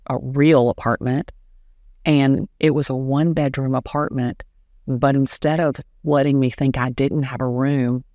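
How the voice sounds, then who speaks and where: A middle-aged woman, an animated storyteller who acts out the dialogue she quotes. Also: extremely low pitch, dry recording. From Southern US. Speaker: guest, real estate agent. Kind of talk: storytelling in an interview.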